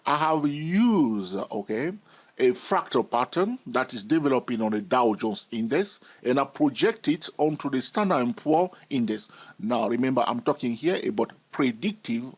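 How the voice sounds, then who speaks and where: Male trading educator, husky tone, animated intonation, emphatic and repetitive. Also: medium pitch, normal speed. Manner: emphatic, repeats key phrases. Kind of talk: chart analysis lesson.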